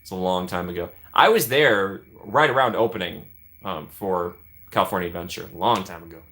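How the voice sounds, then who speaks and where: A man's voice: low voice, brisk, sharp tone. A man hosting a casual live stream, chatting with viewers by name and laughing often.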